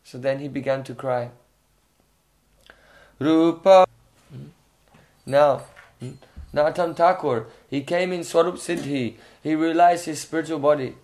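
Man giving a slow devotional lecture. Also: a little high, fairly even intonation, darkish tone. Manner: frequent questioning "hmm?" to listeners; unhurried, reflective storytelling. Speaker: spiritual teacher.

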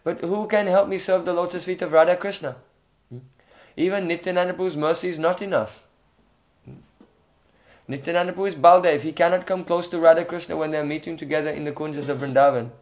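Man, somewhat high pitch, devotional lecturer, reflective, frequent "hmm?" asides. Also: steady tone. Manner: frequent questioning "hmm?" to listeners; unhurried, reflective storytelling. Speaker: spiritual teacher.

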